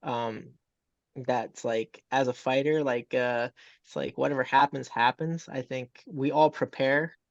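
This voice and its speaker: A man's voice: medium pitch, steady tone, unhurried, gravelly, no room sound. A young man, a fighter, chatting casually in an interview over a video call, rambling with lots of fillers and retold dialogue. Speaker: MMA fighter guest. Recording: dull, dry video call audio.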